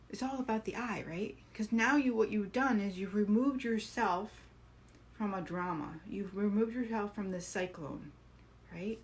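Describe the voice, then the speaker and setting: A woman's voice: medium pitch, normal speed. Woman doing a casual live stream, encouraging coach vibe, keeps checking in with viewers. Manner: earnest, encouraging, asks viewers questions. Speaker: spiritual coach hosting a live session.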